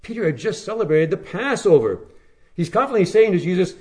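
A man preaching a sermon, telling the story by rising to emphatic phrases and then dropping to hushed, low lines. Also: expressive, brisk.

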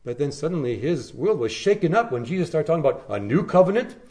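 A man preaching a sermon, telling the story by rising to emphatic phrases and then dropping to hushed, low lines. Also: big pitch swings, quick pace.

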